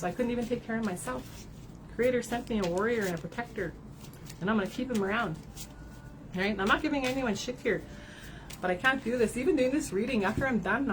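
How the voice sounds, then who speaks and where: With background noise behind her, a medium-pitched woman gives a card reading to her followers in an emotional livestream. The card reader and spiritual advisor speaks frankly, swears, keeps tagging sentences with "right?", and is tearful at times.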